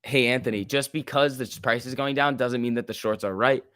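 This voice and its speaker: A young man hosting a live stock market stream, talking casually and excitably, swearing freely and reading chat aloud. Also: medium pitch, fairly quick, dry recording, studio quality. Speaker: stock market livestream host.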